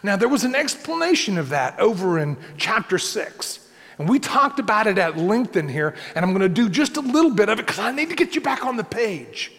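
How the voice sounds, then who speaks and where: Lively, gravelly male pastor preaching. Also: sits high, brisk. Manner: conversational preaching, repeats points, asks the congregation "right?". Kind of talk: sermon. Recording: long hall reverb.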